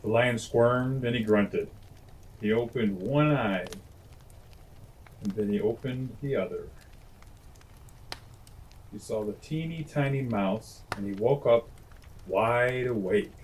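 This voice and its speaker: A man reading classic children's stories aloud at bedtime, gentle and homely, with chatty asides. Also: mid-range voice, slow pace, pauses often, slight background noise, poor audio. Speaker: storyteller. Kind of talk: bedtime story read-aloud.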